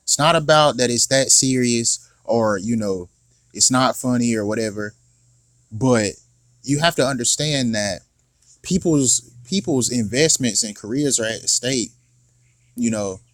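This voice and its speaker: A man reacts to a clip in a casual, argumentative way, circling back to the same questions in slangy speech. His voice sits at a middle pitch and sounds dry and close to the mic. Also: moderate pace, fairly bright tone, no echo. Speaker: reaction video host.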